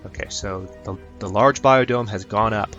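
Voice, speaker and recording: A man's voice: lowish voice, normal speed, a bit bright, highs cut off, soft background music. A man giving casual let's-play commentary, chatty and upbeat, thinking aloud with fillers as he plays. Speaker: gameplay commentator.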